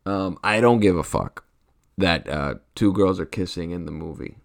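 A man's voice: low-pitched, normal speed, vocal fry. A man in a profane stand-up rant, rambling and crude, peppering his talk with rhetorical asides. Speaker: comedian.

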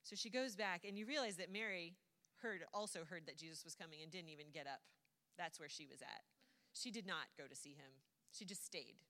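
A woman's voice: on the low side, expressive, a little fast, sharp tone. A woman preacher casually retelling a Bible story in a chatty way, often laughing and lightly acting out the voices. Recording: long hall reverb.

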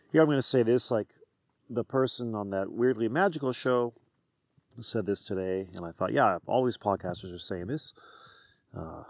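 A man's voice: mid-range voice, a little mellow, no room sound. Middle-aged male host rambling outdoors, dry and slightly dull audio. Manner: rambling, candid, jokey. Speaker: podcast host, former teacher. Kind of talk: rambling casual monologue. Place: outdoors on a hillside.

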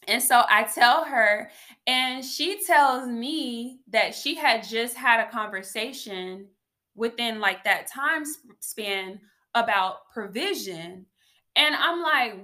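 A woman vlogger sharing a faith testimony in a casual, animated way, often calling her viewers y'all. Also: on the high side, unhurried.

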